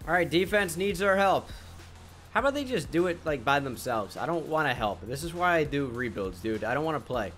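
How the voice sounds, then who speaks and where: A young man casually commenting on a football video game he is playing, laid-back and self-mocking, with sudden excited outbursts. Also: on the high side, a little fast, soft background music. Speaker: gaming channel host.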